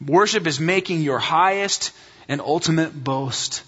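A man preaching in a church hall, his voice pitched high and bright. He speaks with emphasis, repeats his key lines and calls his listeners friends. The sound is dull and lo-fi, with a long reverb trailing each phrase. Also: measured pace, husky. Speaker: pastor. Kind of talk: sermon.

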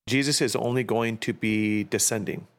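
A man's voice: fairly low pitch, fairly even intonation, moderate pace. A man co-hosting a faith podcast, chatting casually and telling anecdotes in a self-deprecating way. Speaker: podcast co-host.

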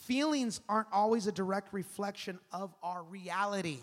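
A man in his thirties preaching a sermon as pastor, animated and conversational, calling on the congregation to respond. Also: high voice, moderate pace. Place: large church hall. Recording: long hall reverb.

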